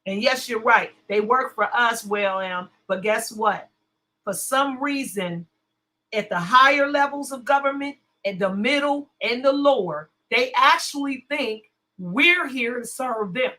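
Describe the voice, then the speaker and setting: A woman's voice: on the high side, a little slow, bright, forceful tone, low-quality recording. A woman hosting a casual commentary livestream, blunt and cussing, her voice strained from a sore throat. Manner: blunt, cussing, chatty, greets viewers. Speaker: livestream host.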